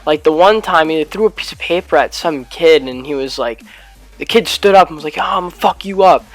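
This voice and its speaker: Teen male vlogger, slightly high voice, loose rambling delivery full of fillers and cursing. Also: lively intonation, a little fast. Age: late teens, high school student. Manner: rambling, heavy use of "like" fillers, casual swearing. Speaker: YouTube gaming vlogger. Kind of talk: casual storytelling vlog.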